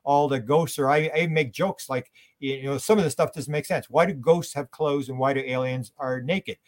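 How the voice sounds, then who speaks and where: A man's voice: medium pitch, normal speed. An older man from Canada, a guest in a conversational interview, telling stories animatedly and acting out the voices of the people he quotes.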